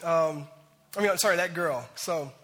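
A man preaching a sermon as pastor, animated and acting out voices as he talks. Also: a little high, normal speed, big-room sound.

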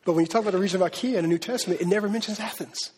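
High-voiced pastor in an echoing hall. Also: male voice, racing, slightly rough. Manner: conversational, animated preaching with slang and acted quotes. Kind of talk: sermon. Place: church hall. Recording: long reverb of a large hall.

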